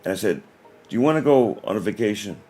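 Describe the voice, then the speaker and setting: A man's voice: lowish voice, expressive, fast, darkish tone, breathy edge. A man, hosting a casual livestream and telling a story with many restarts. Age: 40s. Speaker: livestream host.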